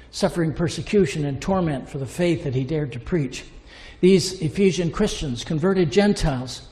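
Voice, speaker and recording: A man with a high, mellow voice preaches a sermon in a hall with a long reverb. He swings from emphatic, impassioned peaks down to low, hushed lines.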